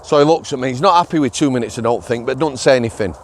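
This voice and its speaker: A man's voice: mid-range voice, rapid-fire, slight background noise. A middle-aged man with a Yorkshire accent, a former prison officer telling stories in a casual, blunt vlog, often checking in with "yeah?". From Yorkshire, England. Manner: chatty, blunt, tag questions like "yeah?".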